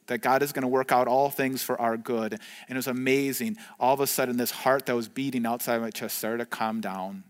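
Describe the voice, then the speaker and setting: A man's voice: mid-range voice, big-room sound. A man preaching a sermon as pastor, earnest and conversational, with frequent fillers and restarts. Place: church video recorded during the pandemic.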